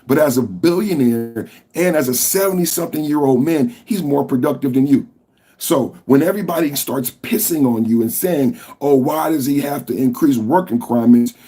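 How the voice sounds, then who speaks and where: Husky, impassioned male podcast host. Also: mid-range voice, normal speed. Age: adult with a school-age son. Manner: impassioned, profane, rising to shouts. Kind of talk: political commentary podcast.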